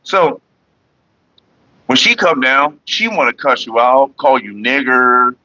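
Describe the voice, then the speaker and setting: With a mid-range, animated voice that is bright and forceful, a man talks slowly on a recording whose highs are cut off. He's hosting a smoking session on his own casual vlog, joking loosely, rambling, and naming viewers and chatters.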